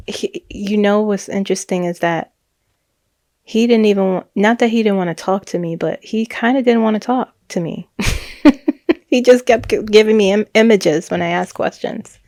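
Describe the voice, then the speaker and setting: A woman talking through a psychic reading in a loose, chatty monologue, often laughing and restarting her sentences. Her voice sits at a middling pitch. The sound is dry and close, with no room echo. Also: normal speed, darkish tone. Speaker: psychic reader. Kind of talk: casual monologue recounting a reading.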